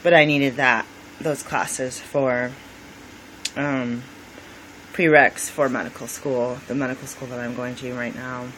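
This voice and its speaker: A woman's voice: a bass voice, fairly even intonation, measured pace, a bit bright, a little hiss or hum, rough recording. A woman in her thirties, a medical student, talking in a rambling personal vlog, venting and acting out quoted exchanges.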